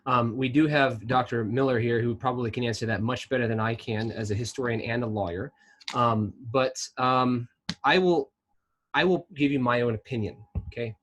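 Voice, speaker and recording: A man giving an earnest history lecture and answering questions on a video call, slowing down to stress key points. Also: medium pitch, fairly even intonation, fairly bright tone, low-quality recording. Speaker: guest presenter, historian. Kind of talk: online lecture and Q&A.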